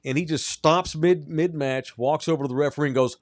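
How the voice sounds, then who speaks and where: A man's voice: fairly high pitch, a little fast, no echo, clean studio sound. Blunt, profane male sports podcast co-host. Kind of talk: casual sports chat.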